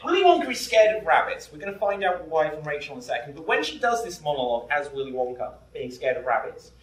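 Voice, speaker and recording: A man hosting a live improv comedy show, jokey and self-deprecating, quickly setting up games. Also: on the high side, sing-song, far from the mic. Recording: roomy stage sound from afar.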